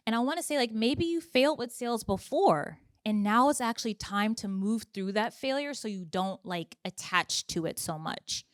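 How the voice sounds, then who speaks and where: A woman giving a lively motivational business talk to a live audience, chatting with the crowd in a conversational way. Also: medium pitch, dry recording, clean studio sound. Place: event room with audience.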